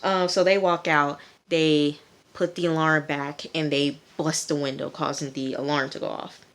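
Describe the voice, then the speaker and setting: A woman's voice: deep voice, flat delivery, normal speed, fairly bright tone. A woman casually recapping a TV episode, chatty with many fillers, talking straight to her viewers. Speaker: TV episode reviewer.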